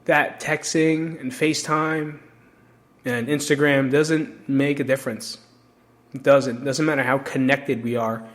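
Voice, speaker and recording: A man from New Jersey talks alone into his podcast mic, speaking frankly and with feeling to his listeners. His voice sits at an ordinary middle pitch, and his talk is loose, heartfelt and full of swearing. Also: fairly even intonation, a little slow, fairly bright tone. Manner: candid, emotional and profane, talks straight to listeners. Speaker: podcast host. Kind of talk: casual solo podcast monologue.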